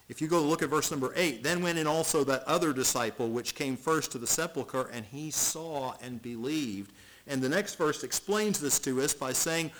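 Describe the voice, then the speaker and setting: A middle-aged male pastor preaching an expository sermon, reading scripture aloud and repeating words as he swings from loud to hushed. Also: fairly high pitch, low-quality recording.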